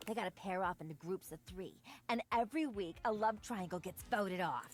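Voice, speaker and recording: A woman's voice: medium pitch, brisk, lightly acted. A woman voicing a flirty, dramatic woman with a Brooklyn accent in a video game, theatrical and fond of calling people honey. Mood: gossipy. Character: flirty dramatic woman, a triangle-obsessed dating-game character.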